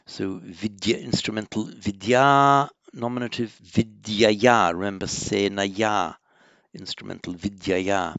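A man teaching a Sanskrit lesson, thinking aloud with frequent ums and restarts and slowing down to spell out words. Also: on the low side, vocal fry, no echo, lo-fi sound. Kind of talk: classroom lesson walking through exercises.

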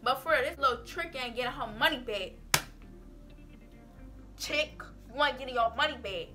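A woman vlogger telling a school story in a casual, animated, sassy way, full of "like" and "baby". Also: high-pitched, normal speed, music in the background.

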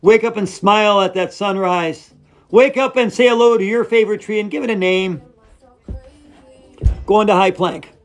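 A man playing an over-earnest female yoga instructor who leads a comic yoga class, chanting in a breathy sing-song. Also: high-pitched, normal speed, pauses often, faint music behind, natural voice. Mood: dreamy.

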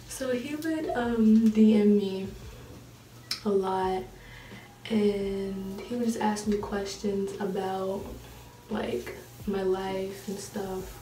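Late-teen woman vlogger, chatty exasperated storyteller, dark mellow tone, distant mic with faint hiss. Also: medium pitch, steady tone, slow pace. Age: late teens. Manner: chatty, laughing, exasperated retelling. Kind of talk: casual storytime. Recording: echoey room, mic a bit far off, faint hiss.

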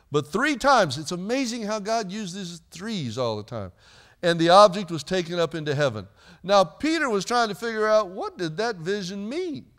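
A man's voice: sits high, fairly bright tone. A man preaching a sermon in a church, chatty and joking with the congregation between readings. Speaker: pastor. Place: church sanctuary.

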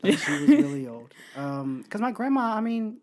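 A woman's voice: mid-range voice, very animated, normal speed, warm tone. Young woman, podcast co-host, casual chat, laughs a lot, acts things out. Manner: chatty, laughs often, acts out bits.

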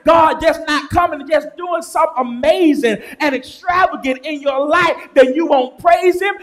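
A man preaching a sermon in a church, swinging from shouted lines to low, quiet ones. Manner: chanting, rising to shouts then dropping low. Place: church sanctuary.

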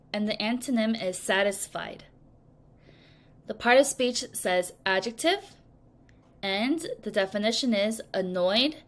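A woman teaching English vocabulary to children in a recorded lesson, speaking slowly and clearly and acting out example sentences. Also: on the high side. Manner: slow, clear teacherly delivery with acted examples.

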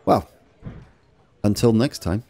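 A man narrates his train game in an unhurried, low voice. His tone is mellow and dark as he chats with viewers and admits his own mistakes. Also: lively intonation, vocal fry. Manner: self-deprecating, chatty, talks to viewers while fixing trains. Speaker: let's play host. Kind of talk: casual gameplay commentary.

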